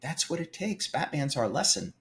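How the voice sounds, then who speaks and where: A man's voice: a little high, very animated, moderate pace, fairly bright tone. An older man telling a story from his own life with emphatic energy, acting out the voices of the people he quotes. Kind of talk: animated storytelling. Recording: faint music behind.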